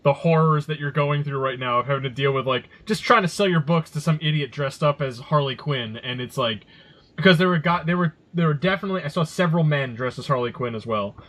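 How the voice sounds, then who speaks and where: Animated, swearing podcast dad telling stories. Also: male voice, on the high side, quick pace. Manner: animated storyteller, swears, acts out quotes. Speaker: podcast co-host. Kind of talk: casual podcast banter.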